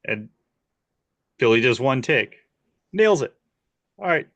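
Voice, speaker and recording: A man hosting an interview, telling a lively story from a film set and laughing often as he talks. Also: mid-range voice, slow pace, dull audio. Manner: animated, laughs often while telling stories. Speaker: podcast host.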